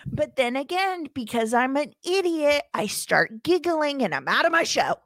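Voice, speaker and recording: A woman's voice: high-pitched, very animated, normal speed, a bit bright, no echo, studio quality. A woman co-hosting a casual podcast chat, ranting with frequent giggles. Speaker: podcast co-host.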